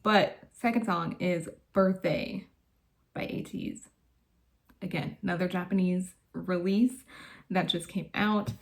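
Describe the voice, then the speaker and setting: A woman's voice: fairly low pitch, steady tone, slow. A woman vlogger chatting casually from her bedroom, gushing and laughing often as she talks. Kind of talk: casual chat.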